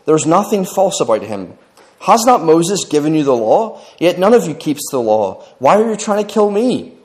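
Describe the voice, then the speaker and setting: Earnest male teacher, read by a man, measured, a touch high. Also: big pitch swings.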